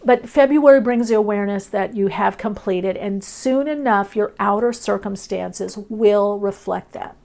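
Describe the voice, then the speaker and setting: A woman's voice: medium pitch, measured pace, vocal fry, few pauses, darkish tone. A woman doing an intuitive tarot reading, musing aloud in short, dreamy phrases. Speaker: tarot reader. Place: indoors, off camera.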